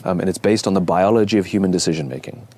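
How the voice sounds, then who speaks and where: Low-voiced man giving a measured talk. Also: dark tone, slightly rough. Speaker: speaker. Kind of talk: talk on organizations.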